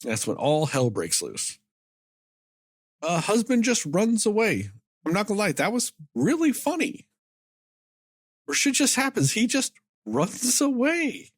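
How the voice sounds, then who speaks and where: Animated man rambling in a film chat. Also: sits high, slightly rough, no echo, clean studio sound. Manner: animated, rambling, swears freely; often acts out characters' lines in quick asides. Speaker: podcast co-host. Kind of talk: casual film review chat.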